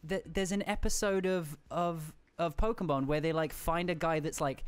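A man hosting a livestream, chatting casually and rambling excitedly with lots of restarts over a video call. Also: a little high, moderate pace, clear, resonant tone. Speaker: livestream host. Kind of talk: casual chat.

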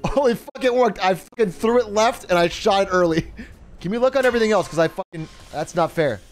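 Young guy streaming a speedrun, cursing n laughing, faint game music behind, kinda high voice. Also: a little fast. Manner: excitable, swears a lot, laughs often, frustrated outbursts. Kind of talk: live gameplay commentary.

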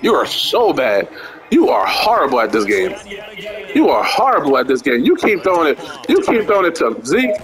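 A man's voice: fairly high pitch, very animated, moderate pace, a bit bright. A man playing a football video game, mocking and taunting his opponent in profane casual trash talk. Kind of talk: casual trash talk over a headset chat. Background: video game crowd and commentary.

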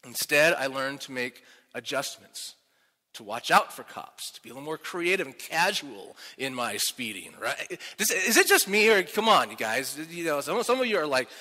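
A male pastor giving a sermon, telling stories in an animated, self-deprecating way. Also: on the high side, moderate pace. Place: church sanctuary. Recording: reverberant church hall.

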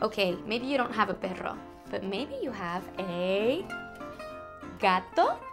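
A woman teaching toddlers simple words, slow and sing-song, with playful sounds. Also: mid-range voice, expressive, over music. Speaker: children's Spanish teacher.

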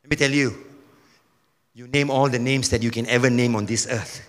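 A man preaching a sermon with energy, now and then rising to a shout. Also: mid-range voice, fairly even intonation, brisk, in a large hall. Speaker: pastor.

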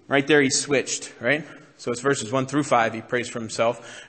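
Bright-voiced male pastor in reverberant church. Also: medium pitch, steady tone, normal speed. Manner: conversational, asks the congregation questions. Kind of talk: sermon. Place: church sanctuary.

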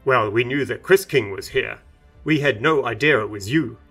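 A man's voice: medium pitch, moderate pace, fairly bright tone, husky, faint music behind. A man voicing an injured young male monk in a storybook reading, speaking formally and earnestly. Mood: apologetic.

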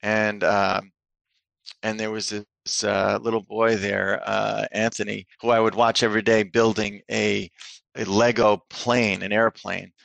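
A man, a psychotherapist and author, talking as a guest on a podcast and telling lively stories that act out the people in them. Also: on the low side, a little slow, creaky, dry recording. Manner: animated storyteller, acts out quoted people. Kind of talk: casual interview talk, storytelling.

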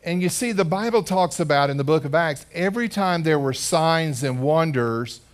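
A man's voice: fairly high pitch, animated, normal speed. A man preaching a sermon as pastor in a church, telling a story in a conversational way and putting questions to the congregation. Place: church sanctuary.

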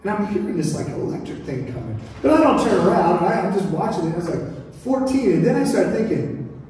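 A man preaching a sermon as pastor, telling stories in a lively, joking way. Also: sits high, a little fast. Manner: storytelling, animated and joking. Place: church sanctuary. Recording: echoey church hall from far off.

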